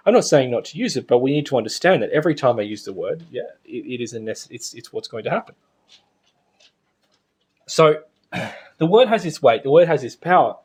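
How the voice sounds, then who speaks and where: A man's voice: medium pitch, sing-song, a little fast, a little mellow, slightly rough. A man giving a casual spiritual lecture to a class, chatty and anecdotal, often laughing.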